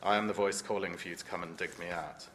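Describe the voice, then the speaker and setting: A man reading as a teenage boy trapped alone in the dark, in a solemn, measured reading voice with no put-on accent. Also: sits low, steady tone, a little hiss or hum. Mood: haunted. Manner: solemn, measured reading in his own unaccented voice. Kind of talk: reading aloud from a novel.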